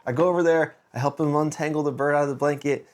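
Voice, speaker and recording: A man hosting a motivational podcast, telling a personal story in a lively, anecdotal way. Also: fairly high pitch, fast. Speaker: podcast host.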